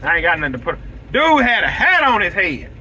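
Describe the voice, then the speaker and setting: A man telling an excitable, repetitive story to viewers from his vehicle. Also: high voice, a little fast, slight background noise, low-quality recording. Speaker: lawn care business owner. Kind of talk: casual storytelling vlog. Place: vehicle, driving outdoors.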